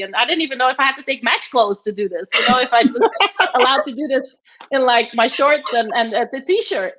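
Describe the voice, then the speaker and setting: A former tennis player, appearing as a guest, chats casually in a woman's voice that sits on the high side and sounds brisk, expressive, and fairly bright. She rambles a little, with plenty of fillers and restarts. The audio is slightly dull and muffled.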